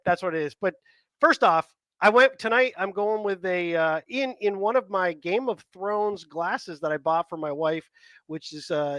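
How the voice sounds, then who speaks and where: High, bright-voiced male sports host. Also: no room sound. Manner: rambling, chatty, laughs often. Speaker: podcast host. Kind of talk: casual sports chat.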